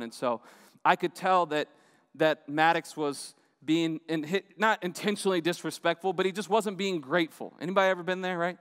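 High-voiced pastor in a reverberant church. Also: male voice, fairly even intonation, moderate pace, fairly bright tone, smooth. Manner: conversational, keeps asking the crowd "right?". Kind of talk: sermon. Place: church auditorium.

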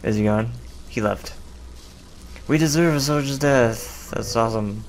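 A man's voice: medium pitch, unhurried, slight background noise. A young man casually commenting on a video game he is playing, rambling, profane and sarcastic. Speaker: gameplay commentator. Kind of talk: casual let's play commentary.

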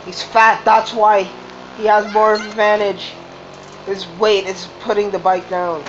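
A woman doing game commentary, swearing often and reacting loudly to the race. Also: mid-range voice, measured pace, slight background noise. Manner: profane, excitable, swearing at the game. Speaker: gamer. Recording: dull lo-fi recording with game music.

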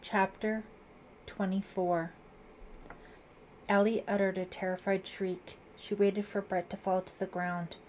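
A woman narrating a thriller audiobook in a measured, dramatic reading. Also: medium pitch, flat delivery, a little mellow, a little hiss or hum.

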